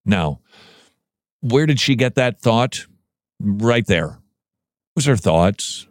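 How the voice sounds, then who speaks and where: A man's voice: mid-range voice, big pitch swings, slow, pauses often, no echo, studio quality. A man hosting a Christian commentary show, reading news items aloud and reacting in a conversational way, often restarting with repeated words.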